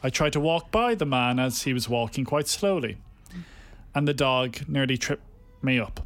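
An Irish man co-hosting a podcast in casual chat, leading games in a brisk, direct way. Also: mid-range voice, animated, a bit bright, no echo. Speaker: podcast co-host.

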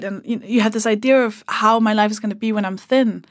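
A woman talking as a guest on a podcast, animated and swearing freely as she acts out remarks people made. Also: medium pitch, a little fast, few pauses, dry recording, clean studio sound. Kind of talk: casual podcast conversation.

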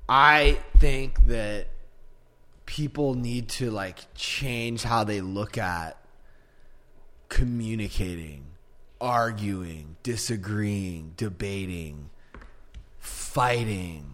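A man co-hosting a podcast in casual chat, with a gruff voice that sounds aggressive, blunt and swearing often. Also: fairly low pitch, very slow, fairly bright tone. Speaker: podcast co-host.

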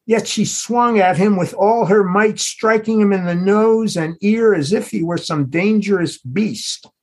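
Male author-narrator, unhurried literary reading, slightly husky tone. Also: high-pitched. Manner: measured, unhurried storytelling. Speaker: author reading his novel.

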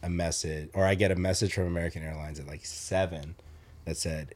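A man's voice: low voice, a little fast. A man telling a story in casual podcast chat, loose and profane, full of "like" fillers and restarts. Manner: rambling, animated retelling with restarts. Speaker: podcast co-host.

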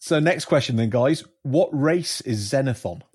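A man's voice: mid-range voice, lively intonation, normal speed, darkish tone, breathy edge. A man hosting a podcast, running a quiz for his guests with teasing, joking banter. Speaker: podcast host.

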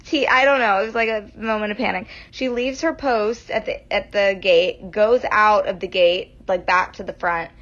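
A woman's voice: mid-range voice, steady tone, moderate pace, hardly any pauses, fairly bright tone. A young woman chatting casually and expressively, laughing easily. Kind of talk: casual chat. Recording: dull lo-fi sound.

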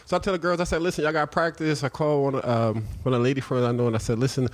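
A man with a Philadelphia accent, telling stories as a podcast guest and acting out the voices of people he quotes. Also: racing. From South Philadelphia. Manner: animated storyteller acting out quoted voices, often high-pitched. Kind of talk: storytelling in a podcast interview.

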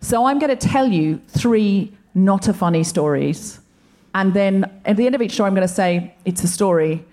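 A woman's voice: mid-range voice, lively intonation, normal speed, dark tone. A woman co-host giving an earnest, reflective monologue on a live comedy podcast stage. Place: live theatre stage with an audience.

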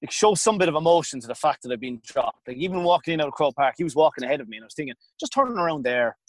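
Irish man in his 30s, podcast guest, rambling anecdotes, slightly higher voice, dry close mic. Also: sing-song, very fast, no echo. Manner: rambling, self-interrupting, colloquial. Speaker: podcast guest, former hurler. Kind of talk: casual storytelling.

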